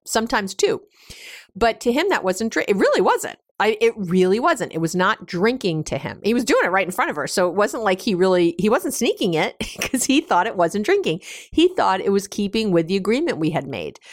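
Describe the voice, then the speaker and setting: A woman hosting an advice podcast as a couples therapist, talking casually with lots of fillers, restarts and lively emphasis. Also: fairly low pitch, no echo, clean studio sound.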